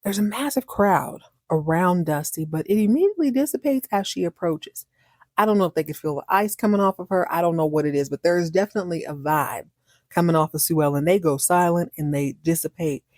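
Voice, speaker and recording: A woman hosting a TV recap podcast, animated and slangy with joking asides. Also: on the low side, fairly quick, no room sound, studio quality. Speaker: podcast host. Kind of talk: TV episode recap.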